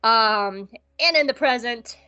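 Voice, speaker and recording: A woman co-hosting a podcast who recaps an episode in a casual, profane, jokey way and acts out scenes in quick voices. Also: a little high, pushed and bright, smooth, no echo, lo-fi sound, soft background music. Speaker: podcast co-host.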